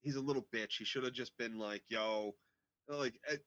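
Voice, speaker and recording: A man with a mid-pitched voice co-hosts a casual TV recap, giving blunt opinions laced with heavy swearing. His voice sounds dry and dull, as if on a lo-fi mic. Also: moderate pace, a bit bright, dry recording. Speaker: podcast co-host.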